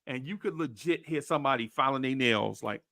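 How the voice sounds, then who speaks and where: A man hosting a basketball podcast, telling stories in slangy, excitable chat and jumping into high voices when he quotes people. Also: fairly quick, dry recording, studio quality. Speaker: podcast host. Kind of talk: animated storytelling chat.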